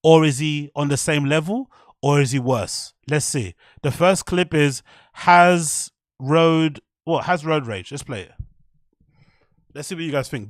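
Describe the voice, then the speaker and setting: A man with a slightly higher voice hosts a podcast, giving chatty, opinionated reactions to a clip. He is recorded on a close, dry mic with no room sound. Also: no room sound. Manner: chatty, opinionated, talks straight to the viewers. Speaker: podcast host. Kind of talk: casual commentary reacting to a clip.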